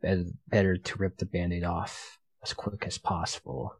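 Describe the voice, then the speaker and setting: Casting: male player, lowish voice, slow calm delivery, dry close sound. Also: gravelly, husky, dry recording, rough recording. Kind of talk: in-character tabletop role-play.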